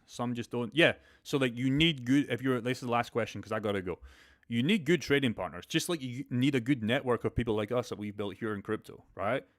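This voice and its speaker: A man's voice: mid-range voice, brisk. A young man hosting a crypto live stream, talking bluntly and profanely in a motivational way. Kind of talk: casual live stream chat.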